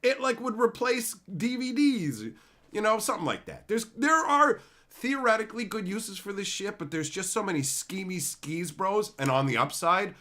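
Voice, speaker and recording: Animated, foul-mouthed male stream host. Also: high voice, normal speed. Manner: profane, sarcastic, animated ranting. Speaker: livestream host reading chat. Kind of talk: casual ranting commentary.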